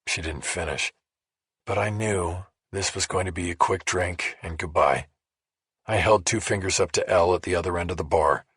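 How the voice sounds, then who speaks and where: A man narrating a crime audiobook in a deep, husky voice. He reads close to the mic in a dry, dead space. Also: normal speed, a bit bright, no echo. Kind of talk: first-person audiobook narration.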